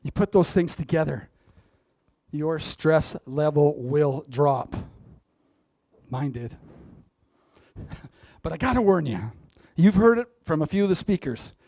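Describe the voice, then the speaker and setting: Man, motivational speaker, fairly high voice, dry close sound, lively, laughs at own jokes. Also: slow pace, pauses often, no room sound. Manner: addresses the audience directly. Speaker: public speaker. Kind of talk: motivational stage talk.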